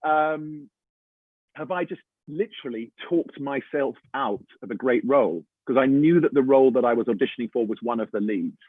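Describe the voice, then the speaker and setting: English man, middle-aged, animated storyteller, slightly husky, recorded through a tinny call line. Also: mid-range voice, brisk, hardly any pauses, no echo. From England. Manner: animated storyteller, chatty, says mate and man a lot. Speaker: voice actor guest. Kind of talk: casual panel chat.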